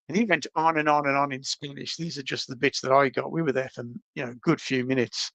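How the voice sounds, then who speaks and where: A man, a podcast guest, telling travel stories in a casual, animated, self-deprecating way over a video call. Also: mid-range voice, fast talker, creaky, few pauses, no room sound. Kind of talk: casual storytelling.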